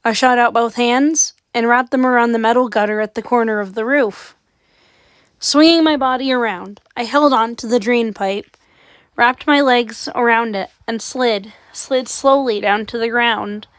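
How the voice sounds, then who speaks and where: A woman's voice: a little high, measured pace, no room sound. A woman reading a horror story aloud with dramatic, suspenseful narration. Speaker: audiobook reader.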